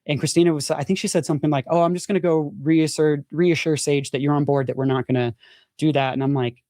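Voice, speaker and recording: Talking fast, a young adult podcast guest and ex-reality show contestant tells a casual story, peppering it with "like" and voicing quotes through exaggerated pitch jumps. It's a studio-quality recording without echo.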